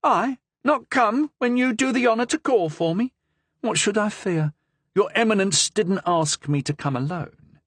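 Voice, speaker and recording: A man voicing a feisty, sharp-tongued young woman with a Languedoc accent, fearless before a cardinal. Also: expressive, measured pace, no echo, heavily acted. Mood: bold. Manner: high, bold, talks back.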